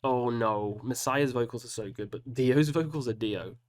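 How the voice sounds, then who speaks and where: A man hosts a casual solo video as a metal reaction host, picking albums and talking through music matchups. He groans over the hard choices and makes self-mocking asides, with a medium-pitched voice at a moderate pace.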